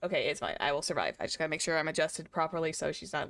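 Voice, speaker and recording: A woman's voice: low-pitched, animated, rapid-fire, fairly bright tone, no room sound. A young woman VTuber chatting casually on a gaming stream, rambling with many fillers. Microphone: desk streaming mic.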